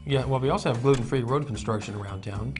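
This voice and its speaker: A man's voice: medium pitch, fast talker, a little mellow, soft background music. A man co-hosting a casual talk show, answering with dry, wry quips. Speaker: show co-host. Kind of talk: casual chat.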